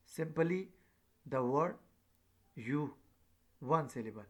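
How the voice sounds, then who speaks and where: Slow halting male lecturer. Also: a little high, big pitch swings. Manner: slow and halting, many fillers and repeats; demonstrates rising and falling tones on example phrases. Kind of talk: recorded lecture.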